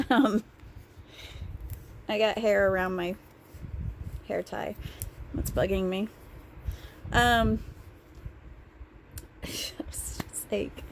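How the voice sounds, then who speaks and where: A young woman telling a casual vlog story, animated and profane, with laughing asides. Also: medium pitch, slow, pauses often, a little hiss or hum. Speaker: vlogger.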